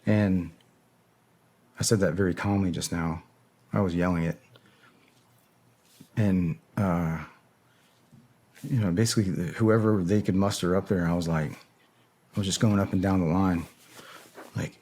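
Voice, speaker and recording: Middle-aged man, very deep voice, profane casual storyteller, lots of "like". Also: a little slow, pauses often, slightly rough. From United States. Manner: profane, heavy filler words, acts out yelled quotes. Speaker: podcast guest, former special operator.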